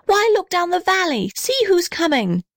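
Lady reading as a chirpy little house guy, high and excited, dry close sound. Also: slow, no echo. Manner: excited, exclamatory. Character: cheerful young male cottage, excitable.

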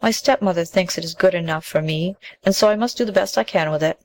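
A woman voicing a gentle, pretty young village girl who talks earnestly. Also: lowish voice, fast, no echo, natural voice.

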